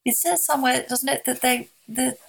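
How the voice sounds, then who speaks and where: A woman author, speaking softly and haltingly as a guest in an emotional interview conversation. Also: high voice, creaky, slightly rough. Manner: soft-spoken, halting with many restarts.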